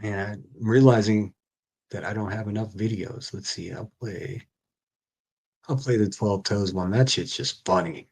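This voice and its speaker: A man's voice: on the low side, unhurried, vocal fry, darkish tone, breathy edge. A man hosting a live stream, who reacts to clips with profane, exasperated rants. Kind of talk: casual ranting commentary.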